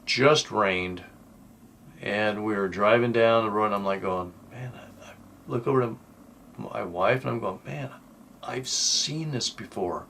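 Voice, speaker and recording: A man's voice: on the low side, unhurried, vocal fry, a bit bright, a little hiss or hum. An older man telling a personal story in a casual, rambling, folksy way, with lots of fillers and restarts. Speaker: channel host telling personal stories.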